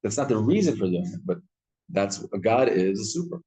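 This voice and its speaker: A man's voice: lowish voice, big pitch swings, fairly quick, warm tone. A male rabbi gives a live Torah class in a synagogue study hall. He tells stories with animation and often repeats and restarts his words.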